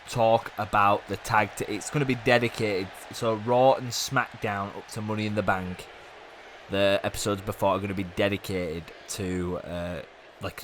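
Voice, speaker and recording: A man hosting a gaming video, giving chatty play-by-play commentary that rambles and jumps up with excitement at big moves. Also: lowish voice, slight background noise. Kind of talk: casual play-by-play game commentary.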